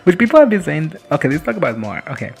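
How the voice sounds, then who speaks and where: A man's voice: fairly high pitch, sing-song, very fast, creaky. Guy doing a rambly reaction recap, swears a ton, keeps laughing, faint music behind. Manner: crude, swears freely, laughs often, acts out characters. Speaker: reaction vlogger.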